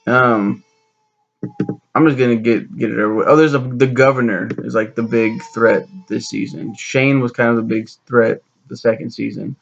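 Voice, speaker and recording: A man's voice: medium pitch, steady tone, normal speed, vocal fry, highs cut off. A young man rambling through a sarcastic, profane recap of a TV show, acting out the characters' lines as he goes. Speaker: show reviewer.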